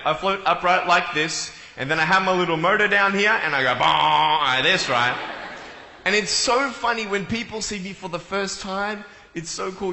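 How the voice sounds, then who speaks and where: Male speaker on stage, high and very bright voice, playful comic storyteller, long hall reverb. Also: slight background noise. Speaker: motivational speaker. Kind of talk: comic talk to a live audience. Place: large hall with an audience.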